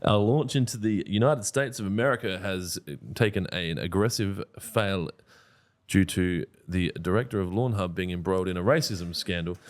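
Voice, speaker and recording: A man's voice: deep voice, moderate pace. A man, co-hosting a podcast in blunt, joking, casual chat. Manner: blunt, joking, swears freely. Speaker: podcast co-host.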